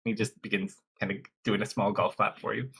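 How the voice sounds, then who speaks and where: A man's voice: fairly low pitch, flat delivery, a little fast, vocal fry, a bit bright, breathy edge. Man narrating a tabletop game. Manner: laughing, loose and chatty. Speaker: game master.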